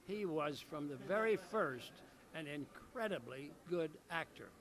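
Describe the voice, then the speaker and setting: A man, a soap opera actor, reminiscing in an interview with measured storytelling. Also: on the high side, animated, fairly bright tone.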